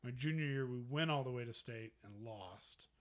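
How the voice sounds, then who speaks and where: A young man co-hosting a podcast, telling stories in relaxed casual chat, halting with many fillers. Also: mid-range voice. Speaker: podcast co-host.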